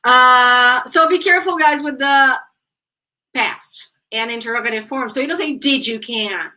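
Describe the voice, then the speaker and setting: Bright-voiced woman teaching English. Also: high-pitched, moderate pace. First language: Portuguese. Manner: lively, chatty, acts out exasperated example questions. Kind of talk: online English grammar lesson.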